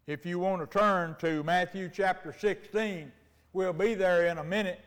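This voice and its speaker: An older man preaching a folksy sermon, telling homespun stories and slowing down for emphasis. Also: high voice, fairly even intonation, clean tone, long reverb tail. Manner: homespun storytelling, slows for emphasis. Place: church sanctuary. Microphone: mic.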